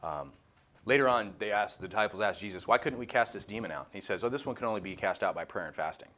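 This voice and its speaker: A man with a fairly low voice teaches a small group in a relaxed, chatty way. He jokes and talks bluntly as he works through the passage, and he often breaks in with his own remarks. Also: fast. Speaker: small group Bible study leader. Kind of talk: casual Bible study teaching. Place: room with a small group, streamed live.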